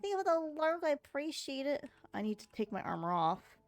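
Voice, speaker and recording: A woman's voice: high-pitched, very animated, brisk, faint music behind. A woman streaming a game in a casual, rambling way, sounding sleepy after just waking up and chatting with her viewers.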